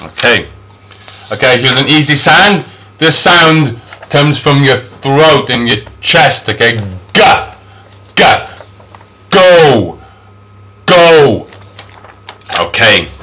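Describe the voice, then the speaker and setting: A man teaches English phonics at a slow pace with an expressive, sharp-toned voice. He sounds out every sound, repeats the example words several times, and raises his pitch on each model word.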